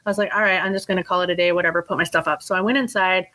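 Young woman guest, bright sharp voice, animated storyteller, swears casually. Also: lowish voice, racing, poor audio. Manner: animated, acts out her own quotes, casual swearing. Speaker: psychic life coach, guest.

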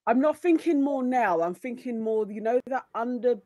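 Mom chatting on a podcast, dry close sound, thinks stuff thru out loud. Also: female voice, on the high side, normal speed, dry recording. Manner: thoughtful, reasoning aloud. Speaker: mother of boys. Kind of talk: casual chat.

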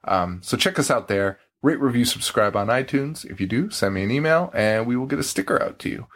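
Animated, laughing male podcast host. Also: mid-range voice, a little fast. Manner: joking, animated, laughs often. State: slight throat frog. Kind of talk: casual podcast chat.

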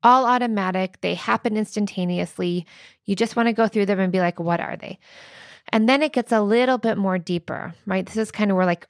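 Gravelly-voiced woman therapist, chatty. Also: mid-range voice, no room sound, studio quality. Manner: conversational, frequent "like" and "right?", laughs lightly. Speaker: podcast co-host and therapist. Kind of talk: casual explanatory chat.

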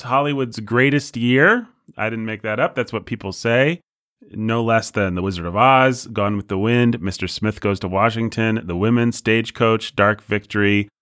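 Low-voiced man hosting a movie podcast. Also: fairly bright tone, no room sound, studio quality. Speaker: podcast host. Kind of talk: casual chat.

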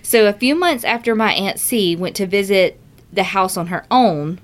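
Woman, podcast co-host, reads listener email, expressive reactions, casual chat, medium pitch. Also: moderate pace. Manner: expressive, reacts with gasps and swearing.

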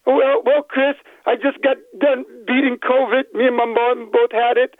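A man's voice: very high-pitched, level tone, moderate pace, dry recording. A middle-aged man calling in to a sports radio show, emotional and near tears, his voice worn from illness. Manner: emotional, tearful, rambling. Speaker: caller. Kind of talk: call-in radio. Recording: tinny phone line.

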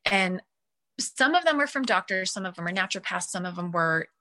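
A woman guest on an interview, telling the story of her young son in an animated way and acting out her own past reactions. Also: mid-range voice, a little fast. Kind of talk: emotional personal storytelling.

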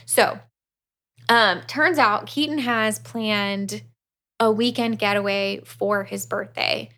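Animated woman recapping a book. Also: medium pitch, takes it slowly. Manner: animated retelling, acts out characters' lines; swears freely. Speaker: podcast co-host. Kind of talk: casual book recap chat.

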